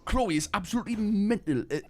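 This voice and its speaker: A man's voice: high-pitched, animated, fairly quick, a little mellow, voice pushed up. A man voicing a crude reality-show lad in an exaggerated Geordie accent.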